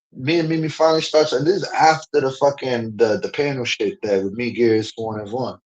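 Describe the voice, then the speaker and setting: Guy streamer going off in a rant, cussing a lot, aave, kinda high voice. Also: muffled recording. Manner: profane, emphatic, repetitive fillers. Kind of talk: heated casual rant.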